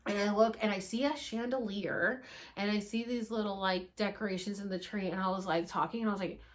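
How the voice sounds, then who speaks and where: A young woman vlogger telling a story to the camera in a casual, animated way, acting out quotes and swearing freely. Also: medium pitch, fairly quick. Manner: animated, acts out quotes with sudden loud bursts.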